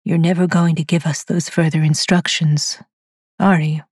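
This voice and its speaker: A woman voicing a loyal male robot servant in an audio drama reading, speaking in a hushed, reverent way. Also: sits low, little pitch movement, moderate pace, breathy edge, no room sound, studio quality.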